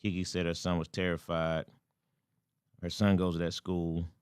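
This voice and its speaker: A man's voice: low voice, little pitch movement, moderate pace, darkish tone, clean tone, dry recording, studio quality. A man co-hosting a casual talk radio show, speaking in an emphatic, slangy way. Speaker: co-host.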